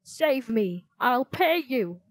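A woman's voice: fairly high pitch, expressive, takes it slowly, dry recording. A woman doing a hysterical wailing theater owner. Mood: pleading. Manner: wailing, frantic and dramatic.

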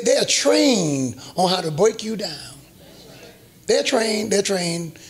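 High-voiced emphatic male preacher. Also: vocal fry. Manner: emphatic and repetitive, rising to shouts. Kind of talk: sermon.

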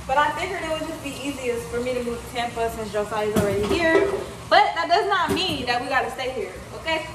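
A woman's voice: high voice, lively intonation, brisk, far from the mic. Young woman with dry comebacks, off-mic. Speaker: vlogger's girlfriend. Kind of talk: casual vlog chat. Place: home, indoors. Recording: echoey room, off-mic, clear noise.

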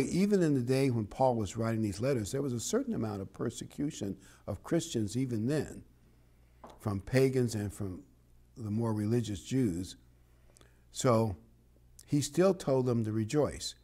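A man's voice: mid-range voice, a little mellow. Male preacher, easygoing and chatty, mid-range voice, keeps it upbeat. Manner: conversational, encouraging, chuckles. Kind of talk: sermon.

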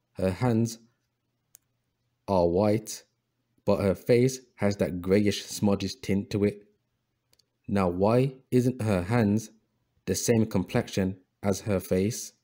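A man's voice: fairly low pitch, slow, long pauses, mellow. A man hosting a history video, narrating over images in a preachy tone, calling listeners brothers and often repeating himself with fillers. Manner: repeats words, frequent fillers and restarts.

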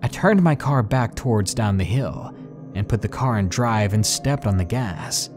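A man's voice: on the low side, expressive. Man narrating a horror story. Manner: slow, hushed, dramatic storytelling. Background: faint background music.

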